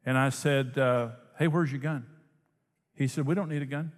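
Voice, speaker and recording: A man preaching a sermon, telling a story in an animated way and laughing often. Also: medium pitch, normal speed. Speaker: pastor. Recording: long hall reverb.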